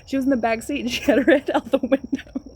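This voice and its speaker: High-voiced, laughing woman. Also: fairly even intonation, fast talker, a little mellow, slight background noise. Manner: laughing often through the story. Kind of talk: casual storytelling.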